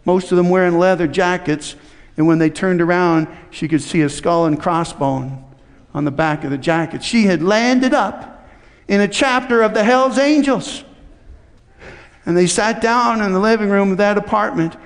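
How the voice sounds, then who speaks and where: High-voiced preacher in a reverberant hall. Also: male voice, steady tone, normal speed. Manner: conversational, folksy asides, acts out dialogue. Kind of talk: sermon with storytelling.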